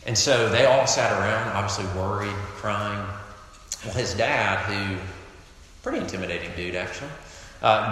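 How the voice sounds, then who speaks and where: A man preaching a sermon to a campus crowd, emphatic, swinging between loud declarations and hushed lines. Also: lowish voice, a little hiss or hum. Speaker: pastor. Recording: echoey hall, long reverb.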